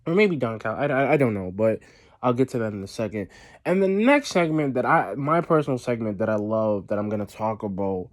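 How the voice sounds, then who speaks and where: A man's voice: lowish voice, lively intonation, fairly quick. A man hosting his own wrestling review show, talking casually and rambling with lots of fillers and restarts. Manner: rambling, repeats himself, many fillers and restarts. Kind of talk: casual solo review vlog.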